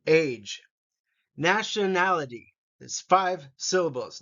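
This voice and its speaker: A man teaching English vocabulary, saying each word slowly and repeating it for learners to copy. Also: fairly high pitch, lively intonation, a bit bright, muffled recording. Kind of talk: vocabulary pronunciation lesson.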